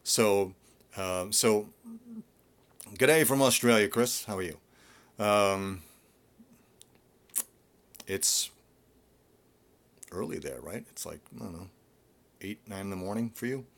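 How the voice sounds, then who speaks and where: A man's voice: on the low side, slow pace, pauses often. A middle-aged man, a vocal coach, chatting casually on a live stream from home, rambling with many fillers and restarts.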